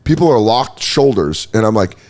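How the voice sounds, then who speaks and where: A man's voice: on the low side, normal speed. A man in casual podcast chat, telling a story with lots of acted-out reactions and casual swearing. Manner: animated storyteller acting out his own reactions; swears freely.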